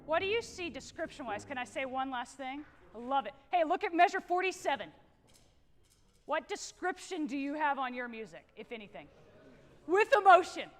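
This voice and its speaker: A woman with a Texan accent leading a student band rehearsal, energetic and encouraging, often singing phrases out. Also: high-pitched, fairly quick. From Texas. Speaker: guest conductor. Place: large theatre stage. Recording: long hall reverb in a theatre.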